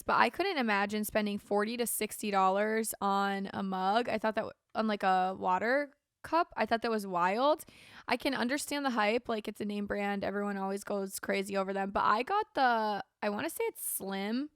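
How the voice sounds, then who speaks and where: On her casual solo podcast, a young woman rambles with lots of "like" and "um," tired, yawning and sore-throated. She speaks at normal speed in a mid-range voice that is clear, resonant and a bit bright. The recording is dry and studio quality.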